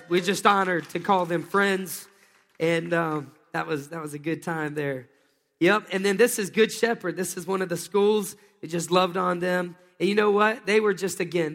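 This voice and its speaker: A man, preaching a sermon in a folksy storytelling way that rises into excited bursts. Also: sits high. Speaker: pastor. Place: church sanctuary. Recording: long hall reverb.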